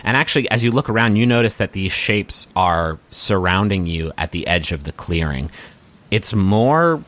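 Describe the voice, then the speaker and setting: A man narrating a tabletop game as game master, telling the scene with frequent ums and quick asides. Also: deep voice, lively intonation, fairly bright tone.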